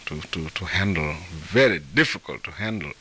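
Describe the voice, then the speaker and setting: Animated male storyteller from Africa, lively and chuckling. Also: sits low, normal speed, slight background noise. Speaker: author and translator of folktales. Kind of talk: storytelling in an interview.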